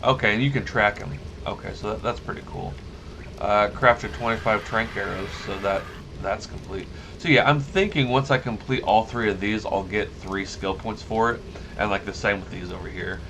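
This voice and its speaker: Lowish male gamer, chatty and rambling over gameplay, audible background noise. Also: normal speed, vocal fry. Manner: rambling, self-correcting, easily amused. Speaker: gaming YouTuber. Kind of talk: casual let's-play commentary.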